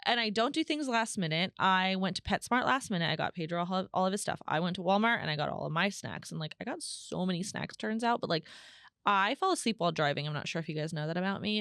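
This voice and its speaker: Chatty woman podcaster, smooth dry voice. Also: no echo. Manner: chatty, animated storytelling with frequent "like" and swearing; acts out quoted voices in a higher pitch. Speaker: podcast host. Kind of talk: solo podcast monologue.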